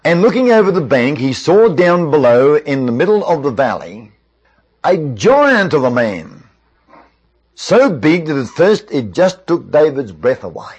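Expressive male Bible storyteller. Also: a little high, breathy edge. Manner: expressive, with varied pacing and asides.

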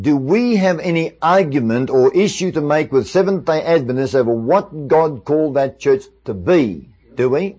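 A man's voice: on the high side, a little mellow, breathy edge. A male preacher giving a sermon, asking his listeners one rhetorical question after another. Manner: many rhetorical questions to the audience.

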